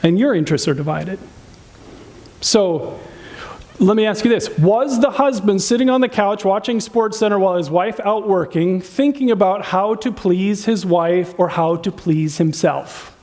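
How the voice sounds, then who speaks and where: Man, pastor, high voice, sermon, conversational, animated, asks the audience questions. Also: normal speed. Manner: animated, acts out spouses' complaints in a raised voice.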